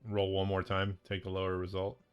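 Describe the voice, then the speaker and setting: A man running a tabletop game as game master, narrating hesitantly with many pauses and restarts. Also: sits low, monotone, clean tone, soft background music.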